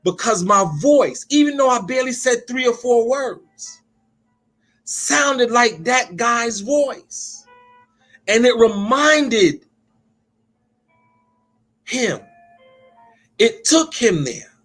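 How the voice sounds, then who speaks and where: Male pastor-host with a high pitch; preachy, emphatic storyteller who drags out key words. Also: animated, fairly bright tone, soft background music. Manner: emphatic storyteller, slows down to stress points. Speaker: pastor and call-in show host. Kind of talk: conversational sermon-style talk.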